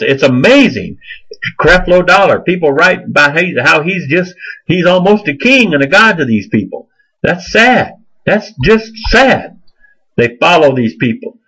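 A man's voice: mid-range voice, a bit bright, slightly rough, highs cut off. A man preaching a sermon, emphatic and repetitive, firing off rhetorical questions.

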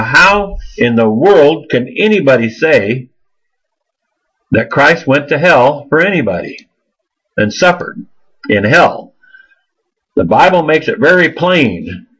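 A man's voice: fairly high pitch, bright, forceful tone, slightly rough, highs cut off. A man preaching a sermon, emphatic and repetitive, firing off rhetorical questions.

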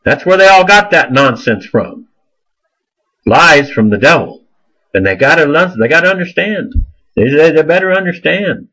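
A man's voice: a little high, big pitch swings, moderate pace, sharp tone, highs cut off. A man preaching a sermon, emphatic and repetitive, firing off rhetorical questions.

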